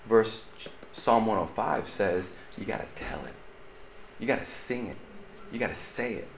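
A man's voice: fairly low pitch, a little slow, gravelly, slight background noise. A man, a pastor teaching Sunday school in a playful, joking way, laughing often and sweating from the effort. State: sweating and loud from exertion. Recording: echoey room, faint ambience.

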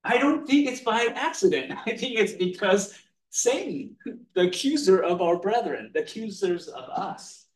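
A man's voice: sits high, very animated, moderate pace. A man preaching a conversational sermon, laughing often and checking in with "right?" as he explains the passage. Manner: chatty, laughs often, keeps asking "right?". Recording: echoey room, mic far off.

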